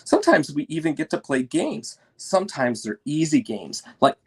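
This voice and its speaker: Gravelly-voiced man reading a story. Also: fairly high pitch, huge pitch swings. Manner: soft, measured narration as a child's toy. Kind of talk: first-person story reading.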